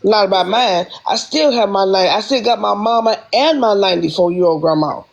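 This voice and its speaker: Gravelly-voiced woman venting on a livestream. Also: medium pitch, brisk, muffled recording. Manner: heated, repetitive venting. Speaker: livestream host. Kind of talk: casual livestream rant.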